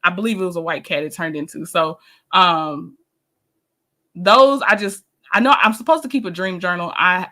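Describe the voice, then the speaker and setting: A woman hosting a casual live stream, chatting with viewers and answering their comments, animated and quick to laugh. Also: fairly high pitch. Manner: chatty and animated, laughs often, restarts sentences.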